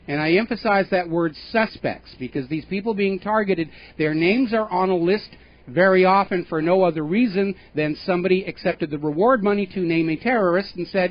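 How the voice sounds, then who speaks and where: A man's voice: high-pitched, fairly quick. A male radio talk show host giving opinionated political commentary in an emphatic, pointed way, with scornful asides. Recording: dull lo-fi radio broadcast.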